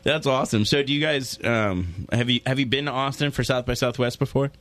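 A man's voice: medium pitch, a little fast, a bit bright. A man hosting an interview, asking questions in a loose way, teasing his guest and laughing often. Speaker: interviewer, host. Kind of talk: casual interview chat.

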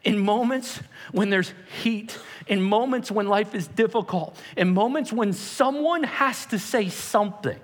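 Preacher guy from pennsylvania, kinda high voice, acts out the dialogue in his stories. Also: measured pace. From Pennsylvania, United States. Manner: animated storytelling, acts out dialogue. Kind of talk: sermon.

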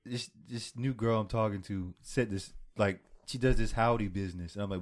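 Low-voiced laid-back man. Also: fairly even intonation, normal speed. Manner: laid-back storytelling, profane. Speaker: podcast co-host. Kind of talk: casual podcast banter.

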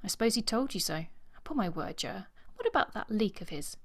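A woman's voice: mid-range voice, big pitch swings, fairly quick. A woman doing a bluff, teasing young lord. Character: hearty young male lord, teasing friend.

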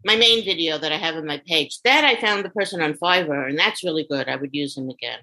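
Brief: middle-aged Brooklyn woman, bright edgy tone, frank and chatty interview guest. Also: low voice, fast talker, low-quality recording. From Brooklyn, New York. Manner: frank, chatty, trailing restarts. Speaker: guest author. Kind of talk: casual interview chat.

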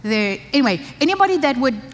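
A woman's voice: high voice, sing-song, quick pace. Emphatic older woman preaching in a hall. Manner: emphatic, conversational preaching with asides. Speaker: pastor's wife preaching to women. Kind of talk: sermon. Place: church. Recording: long church-hall reverb.

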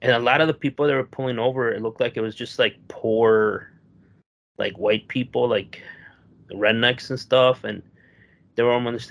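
A man in casual chat, rambling and swearing, with lots of fillers, who acts out the people in his story. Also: mid-range voice. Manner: rambling, profane, filler-heavy, acts out quotes.

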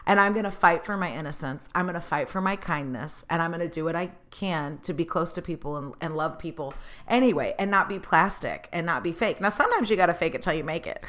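Woman, slightly low voice, earnest, motivational storytelling, laughs often. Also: fast talker, a bit bright. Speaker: speaker sharing stories.

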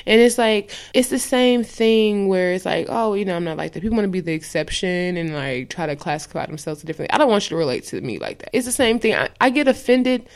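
A woman's voice: mid-range voice, animated, a little fast, hardly any pauses, smooth. A woman co-hosting a podcast, ranting in a heated, profane and emphatic way. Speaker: podcast co-host. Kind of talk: ranting casual podcast talk.

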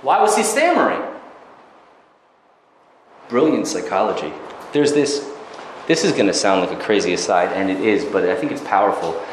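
A man teaching a religious text through dramatic, animated storytelling. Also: on the low side, normal speed, pauses often, a little hiss or hum. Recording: very echoey room, faint ambience.

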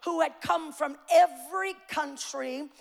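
High-voiced woman preacher, gravelly, echoing hall. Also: unhurried, soft background music. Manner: preaching with rising fervor, shouting emphatic lines; frequent fillers and repeated starts. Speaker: pastor. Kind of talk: sermon. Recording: long hall reverb.

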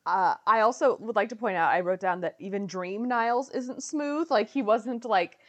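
Female podcast co-host, mid-pitched, chatty, filler-heavy casual recap. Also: moderate pace. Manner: chatty, many "like" fillers, animated asides. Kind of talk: casual chat recapping a sitcom.

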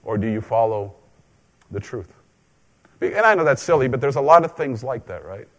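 A man's voice: mid-range voice, lively intonation, moderate pace. Chatty joking preacher man. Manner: chatty, joking asides, repeats phrases for emphasis. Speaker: pastor. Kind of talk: conversational sermon.

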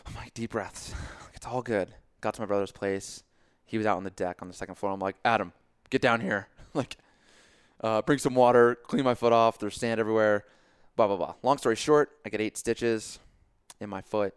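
A young man with a low, smooth voice tells a story in casual podcast chat. He talks in an animated way, swears freely and acts out his own reactions. The sound is dry and close. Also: brisk, no room sound. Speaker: podcast guest.

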